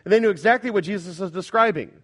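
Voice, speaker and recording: Emphatic high-voiced male preacher. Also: quick pace. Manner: emphatic preaching, swinging from loud to hushed; asks the congregation questions. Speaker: pastor. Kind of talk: sermon.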